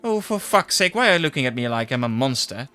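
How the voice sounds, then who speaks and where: A curt young secretary, as a male narrator puts her on, brushing people off with sarcasm. The voice sits noticeably high and sounds bright and sharp. It is the voice of a one-man tabletop story. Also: fairly even intonation, fairly quick, smooth, natural voice. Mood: irritated. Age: young adult. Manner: sarcastic, dismissive. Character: young brusque female newsroom secretary.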